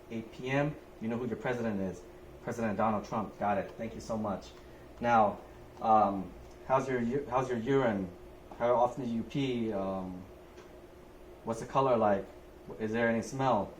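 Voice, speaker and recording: A young adult man, a nurse, talking through a physical assessment step by step in a methodical way. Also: mid-range voice. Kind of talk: narrated skills demonstration. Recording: echoey room, faint background noise.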